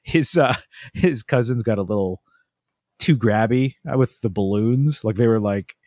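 A man's voice: on the low side, measured pace, darkish tone, no echo, clean studio sound. A man, chatting casually as a podcast co-host and telling long stories with many restarts and asides. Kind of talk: casual chat.

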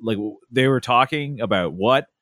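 A young man telling family stories in a relaxed chat, acting out a toddler's lines with lots of energy. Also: mid-range voice, moderate pace, no room sound, studio quality. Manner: animated storyteller, acts out a toddler's voice. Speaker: podcast co-host. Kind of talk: casual storytelling chat.

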